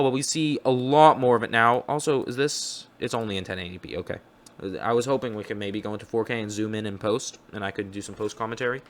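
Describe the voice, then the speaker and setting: Young male host, mid-pitched, casual and upbeat reaction chatter, self-correcting. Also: fairly bright tone.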